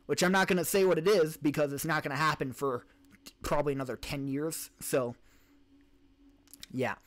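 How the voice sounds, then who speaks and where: A man's voice: on the high side, steady tone, moderate pace. A man hosting a casual live-stream Q&A, reading questions from chat and answering in a rambling way, restarting and correcting himself as he talks. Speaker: podcast host and live streamer. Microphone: streaming desk mic.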